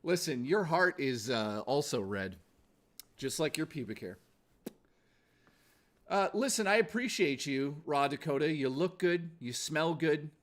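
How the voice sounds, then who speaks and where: Male streamer at home, lively swinging voice, raunchy rambling banter. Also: fairly high pitch, a little slow. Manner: crude, profane joking, rambling. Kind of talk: casual livestream chat.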